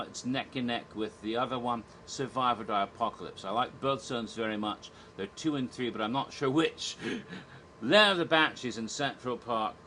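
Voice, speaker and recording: A man's voice: medium pitch, a bit bright, a little hiss or hum, poor audio. A man giving a casual spoken review, chatty and rambling, with restarts and little chuckles. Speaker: theme park reviewer.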